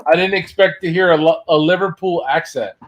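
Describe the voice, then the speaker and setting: A man's voice: on the high side, fairly quick. A man co-hosting a casual livestream, bantering and reading out viewer comments. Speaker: livestream co-host reading chat. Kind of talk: casual chat.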